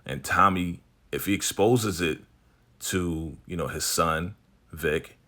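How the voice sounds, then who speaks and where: A man's voice: sits low, slow, pushed and bright. A man casually recapping a TV episode in slangy, laid-back talk, acting out the characters' lines as he goes. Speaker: TV recap host.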